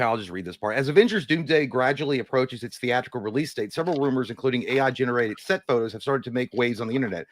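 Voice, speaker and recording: Medium-pitched and fairly bright, this man's voice comes through with no room sound. He's a podcast co-host on a casual movie livestream, rambling and cracking jokes, and at times reading a news article aloud over a video call.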